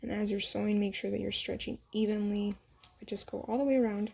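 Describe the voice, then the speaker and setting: A young woman casually walking viewers through a sewing project at home, chatty and quick to laugh at herself. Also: medium pitch, level tone, creaky, darkish tone, husky. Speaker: sewing tutorial host. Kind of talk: casual step-by-step sewing demo.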